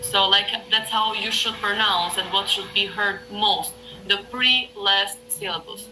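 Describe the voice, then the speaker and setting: A woman's voice: mid-range voice, fairly even intonation, a little slow, sharp tone, slight background noise, low-quality recording. A woman with an Italian accent, a native Italian speaker, patiently teaching and correcting pronunciation in a casual online lesson. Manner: patient, correcting, explains with hesitant English. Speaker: Italian tutor.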